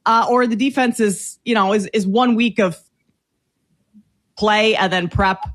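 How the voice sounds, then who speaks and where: A woman hosting a sports betting show, chatty with lots of fillers and quick bursts. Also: medium pitch, steady tone. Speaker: host. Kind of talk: casual sports talk.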